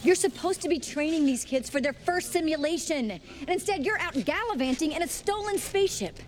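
Stern lady boss, high voice, lots of up and down, tells people off. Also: lively intonation, fairly quick, slight background noise. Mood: indignant. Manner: scolding, indignant. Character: strict, indignant woman supervising trainees. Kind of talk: film dialogue.

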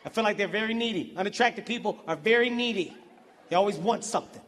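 A man doing a stand-up routine, telling stories in a brash, profane, animated way with shouted outbursts. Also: high-pitched, quick pace, long reverb tail, a loud crowd, very noisy. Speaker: stand-up comedian. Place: large venue with audience.

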